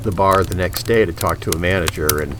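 A man's voice: deep voice, a little fast, background noise. A man telling a casual story and acting out the dialogue. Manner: animated, acts out the dialogue.

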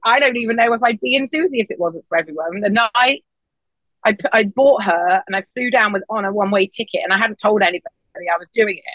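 A woman talks casually on a podcast at a quick pace, telling lively stories and switching to a high voice for every quote she performs. There is no room sound in the recording, which comes across as dry and a little dull.

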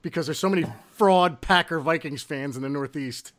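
A man's voice: on the high side, normal speed. Give me a male podcast co-host chatting casually about football and ranting with energy. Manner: ranting, animated complaints. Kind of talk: casual sports chat.

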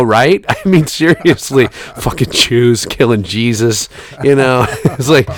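A man's voice: mid-range voice, normal speed. A man in his forties, a podcast co-host, telling a story in casual chat with lots of swearing. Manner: animated storytelling with profanity and laughs.

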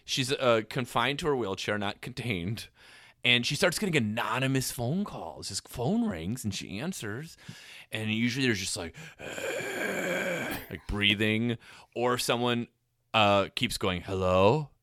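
A man's voice: medium pitch, a little slow, no echo, studio quality. A man co-hosting a podcast, casually retelling a TV episode with lots of laughs. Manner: animated storyteller, laughs often. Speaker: podcast co-host.

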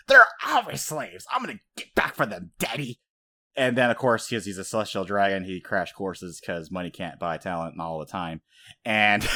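A young man talking in a casual, excitable way, his pitch leaping all over as he gets worked up. He swears freely and breaks into laughter often. His voice sits in an ordinary middle register. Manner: animated, profane, laughs often. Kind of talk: casual anime recap chat.

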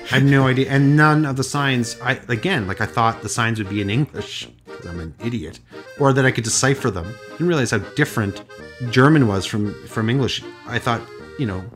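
A Canadian man hosting a podcast, telling a story in a lively, self-deprecating way. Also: mid-range voice, moderate pace, soft background music. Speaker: podcast host. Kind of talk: casual storytelling chat.

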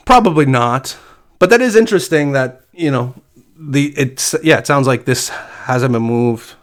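A man reads the news aloud on a relaxed two-person show and stops often for "uh" and "um". His voice sits at a middle pitch, and he breaks into laughter easily between items. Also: measured pace. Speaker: podcast co-host reading crypto news. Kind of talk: casual news chat.

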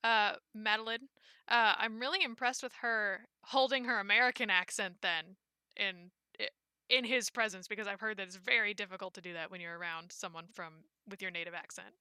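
A woman in a casual podcast chat, eager and expressive with quick asides. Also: medium pitch, clear, resonant tone, no room sound, clean studio sound. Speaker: podcast co-host.

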